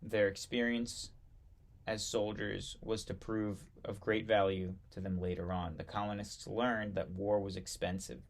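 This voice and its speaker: A man reading aloud from an old history textbook, halting now and then to correct himself and add brief asides. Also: lowish voice, level tone, gravelly. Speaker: history reader.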